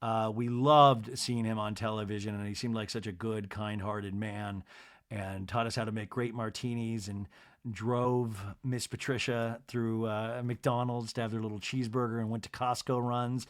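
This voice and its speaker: A man hosting a podcast, recapping a reality TV episode solo with an animated, storytelling delivery. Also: fairly low pitch, moderate pace. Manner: animated retelling, acting out cast members' lines in put-on voices. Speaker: podcast host.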